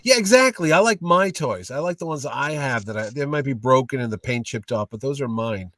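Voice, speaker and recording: Animated joking man, distant mic. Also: mid-range voice, brisk, no echo. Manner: animated, jokey storyteller. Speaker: guest, comic con owner. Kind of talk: casual storytelling interview.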